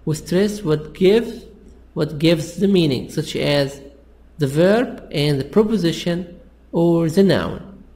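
A man teaching an English lesson in a slow, repetitive, explaining manner. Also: a little high, a little mellow. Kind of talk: classroom language lesson.

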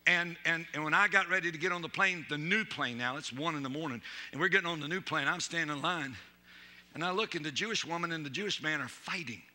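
A man's voice: fairly high pitch, fast talker, bright, forceful tone. A middle-aged man, a pastor, preaching a sermon and telling humorous stories with acted-out quotes. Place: church.

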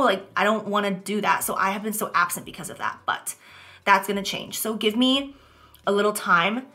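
Doing her makeup on camera, this young woman talks to her audience with raw, heartfelt honesty. She's a beauty vlogger in get-ready-with-me mode, and her medium-pitched voice carries a sharp tone.

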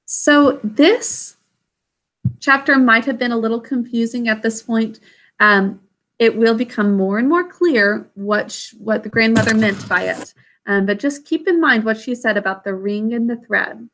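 A woman's voice: a little high, unhurried, fairly bright tone. A woman reading a classic children's novel aloud chapter by chapter, then chatting about it. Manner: friendly, explanatory. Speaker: storybook reader.

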